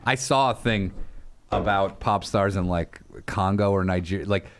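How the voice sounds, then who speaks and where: A man co-hosting a podcast in casual chat, blunt and quick to cut in with reactions and laughs. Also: low-pitched, clear, resonant tone. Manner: blunt, interjecting, laughs often. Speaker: podcast co-host.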